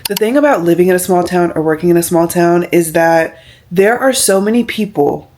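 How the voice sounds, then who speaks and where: A woman's voice: on the low side, brisk, slight background noise. A woman, chatting casually in a vlog. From Alabama. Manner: chatty, animated storytelling with acted-out quotes. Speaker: vlogger.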